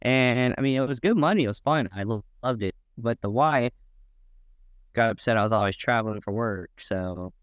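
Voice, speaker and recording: A man's voice: medium pitch, moderate pace, smooth, no echo. A man who builds boats, a podcast guest, explaining his work in a laid-back, practical way. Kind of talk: casual podcast conversation.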